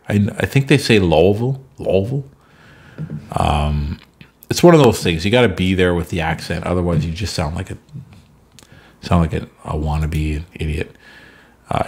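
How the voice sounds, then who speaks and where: A man's voice: low-pitched, darkish tone. A man giving casual, chatty commentary over a sports sim game from home, drifting into rambling asides. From Canada. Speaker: gameplay commentator.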